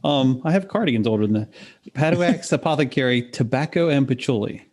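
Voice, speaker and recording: Man, mid pitch, podcast co-host, playful teasing, casual chat. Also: lively intonation, a little fast, darkish tone.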